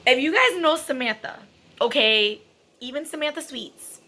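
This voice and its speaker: A chatty woman recounting a story to her viewers, loose and dramatic with plenty of fillers. Her voice sits a little high and sounds bright and forward. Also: expressive, moderate pace. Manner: chatty and dramatic, many fillers, self-described extra. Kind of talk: casual storytime vlog.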